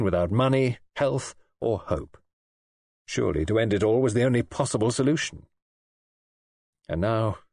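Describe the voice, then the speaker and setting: Male narrator, low husky voice, expressive measured reading. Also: dry recording, studio quality. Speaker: audiobook narrator. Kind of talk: scripted narration.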